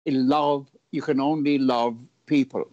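A man being interviewed, halting and searching for words, with a wry humour. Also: medium pitch, steady tone, a little mellow, dry recording, muffled recording. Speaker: guest. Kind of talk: interview answers.

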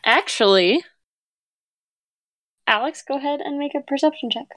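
A woman acting as game master, narrating a tabletop game with steady, patient rulings. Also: high voice, normal speed, dry recording.

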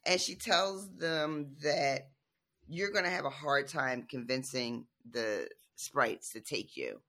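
A bright, sharp-toned co-host on a book podcast, talking casually with a lot of rise and fall in the voice. They laugh often, swear freely and retell scenes by quoting the characters. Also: medium pitch, lively intonation, slow pace.

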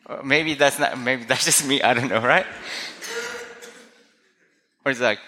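A man's voice: mid-range voice, moderate pace, pushed and bright. A man preaching a sermon as a pastor, earnest and conversational, often asking his listeners rhetorical questions. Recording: long hall reverb.

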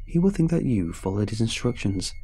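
A man voicing a scheming male demon who calmly and persuasively bargains for souls, read in a storybook narration. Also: on the low side, fairly quick, slightly rough. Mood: explaining. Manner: calm, persuasive explaining. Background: faint music.

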